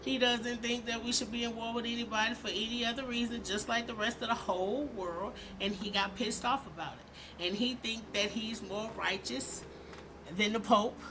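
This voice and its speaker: A woman hosting a commentary vlog, talking in an animated, emphatic and sarcastic way. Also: fairly high pitch, moderate pace, noisy background. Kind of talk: opinionated commentary.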